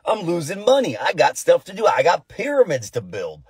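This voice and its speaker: An exasperated Egyptian king, haughty and put upon, tearing into his workers in modern slang, played by a man. The voice sits raised and a little husky. It comes across close and dry. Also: fairly high pitch, wildly swooping pitch, moderate pace, dry recording, pitched above the performer's own voice, full character voice. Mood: indignant. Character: arrogant male Egyptian king, dismissive and indignant.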